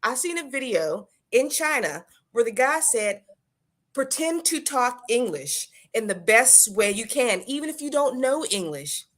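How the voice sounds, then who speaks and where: A woman's voice: on the high side, big pitch swings, measured pace, a bit bright. A middle-aged woman co-hosting a casual live chat, telling stories playfully and laughing along. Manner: playful storyteller who laughs at her own stories.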